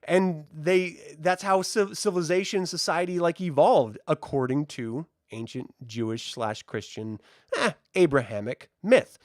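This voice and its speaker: A man hosting a casual spoiler film review, chatty and joking with an animated delivery. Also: on the high side, measured pace, no room sound, studio quality. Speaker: host.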